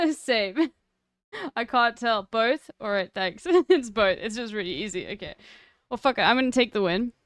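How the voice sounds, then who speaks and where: A woman's voice: fairly high pitch, lively intonation, normal speed, no room sound, studio quality. A woman streaming a game, chatting casually and thinking aloud as she plays. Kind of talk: casual gaming commentary.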